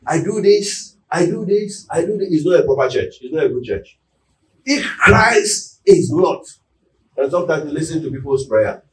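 A man preaching a sermon, often asking the congregation whether they are with him and building to loud, emphatic peaks. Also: on the high side. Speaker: pastor. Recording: echoey room, mic at a distance.

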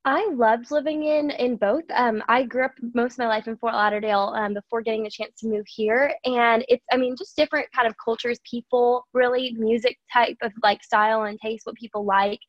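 A woman's voice: a little high, fairly even intonation, fairly quick, few pauses, dry recording, lo-fi sound. A young woman with a Southern American accent, chatting as an interview guest in a bubbly, giggly way. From USA. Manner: bubbly, giggly, says "y'all". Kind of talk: casual interview chat.

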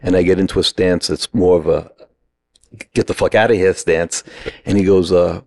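A middle-aged man tells a story with plenty of energy and acts out every quoted line. His voice sits very low and has a gravelly edge. The sound is dry and close, with no room echo. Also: a little fast. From New York. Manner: animated anecdote-teller, acts out quoted lines. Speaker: guest. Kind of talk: casual storytelling.

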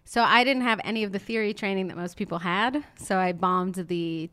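A woman's voice: mid-range voice, fairly bright tone, no echo, clean studio sound. A woman from Montreal co-hosting a podcast, chatting playfully and laughing often. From Montreal, Canada. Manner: playful, laughing, quick teasing. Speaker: podcast co-host and musician. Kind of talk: casual chat.

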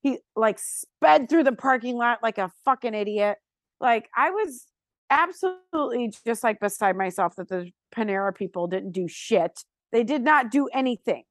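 Speaking at a moderate pace in a slightly high voice, a thirty-something woman from Florida tells a story on a podcast she co-hosts. She's animated and profane in the casual chat, acting out whoever she's quoting.

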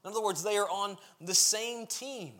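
A man's voice: sits high, normal speed, sharp tone. A man preaching a sermon, reading scripture aloud and then explaining it in an earnest, emphatic way, building his points as lists.

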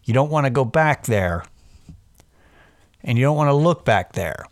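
A man's voice: medium pitch, lively intonation, moderate pace, dry recording, studio quality. A man giving a casual, rambling sobriety pep talk, self-deprecating and profane, drifting into digressions. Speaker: podcast host.

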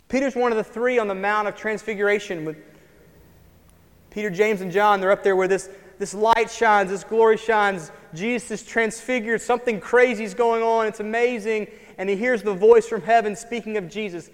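A man preaching a sermon as pastor, swinging between loud emphatic lines and quiet, wry asides. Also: high voice, fairly quick. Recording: long hall reverb.

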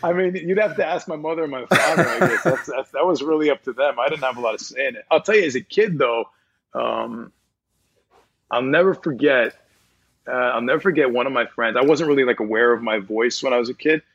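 A slightly husky, mid-pitched man chats in a relaxed, rambling way as an interview guest. He laughs easily and circles back on his thoughts. The sound is dull and lo-fi. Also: a little fast. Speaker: voice actor guest. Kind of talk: casual interview chat.

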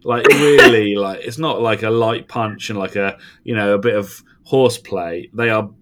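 A man co-hosting a podcast, recounting an episode in casual chat with animated, emphatic delivery and frequent restarts. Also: lowish voice, normal speed. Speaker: podcast co-host.

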